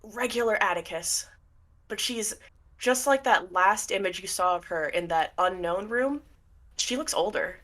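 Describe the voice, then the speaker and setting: A woman game master narrating a tabletop role-play scene in a loose, casual way, with lots of fillers. Her voice is bright and clear. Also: medium pitch, animated, a little slow.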